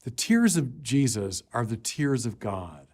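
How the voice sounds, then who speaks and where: A middle-aged man preaching a sermon, slow and deliberate, building to emphatic declarations. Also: mid-range voice, very animated, darkish tone.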